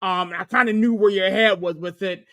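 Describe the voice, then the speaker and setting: A man's voice: sits high, fairly even intonation, normal speed, bright, forceful tone, no room sound, clean studio sound. A man hosting a sports podcast, upbeat and slangy as he hands the floor to his co-hosts. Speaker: podcast host.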